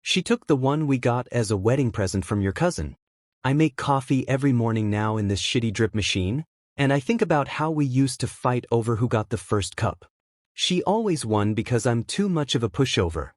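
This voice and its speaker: A man's voice: medium pitch, animated, dry recording, studio quality, lightly acted. A man voicing a heartbroken young husband who halts and pleads, questioning everything he did. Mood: bewildered. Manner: halting, pleading, questioning himself. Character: heartbroken young husband, bewildered and self-blaming.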